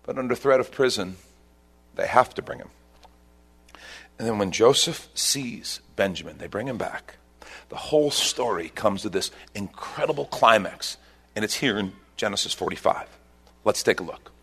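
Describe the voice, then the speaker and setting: A man preaching a sermon as pastor, telling a scripture story with emphatic bursts and quieter reflective stretches. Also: on the low side, expressive, normal speed, husky.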